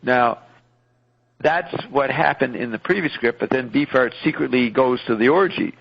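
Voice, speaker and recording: A man's voice: mid-range voice, normal speed, creaky. A man hosting a radio show, reading out a film script and commenting on it casually with some profanity. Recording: muffled radio broadcast.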